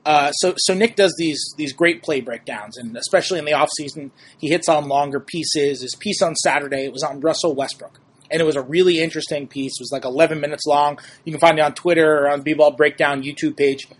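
A young man from New York hosts a casual sports podcast, his husky voice slightly raised and on the high side. He speaks fairly quickly with fairly even intonation. Chatty and upbeat, he tosses in self-deprecating asides.

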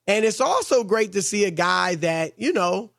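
High-voiced man hosting sports talk. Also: big pitch swings, normal speed, vocal fry, fairly bright tone, no room sound, studio quality.

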